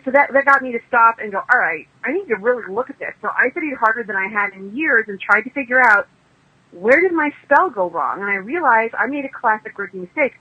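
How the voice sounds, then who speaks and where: A woman's voice: on the high side, phone-quality sound. A woman author being interviewed, telling stories in a chatty, emphatic way and acting out the people she quotes. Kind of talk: casual interview storytelling.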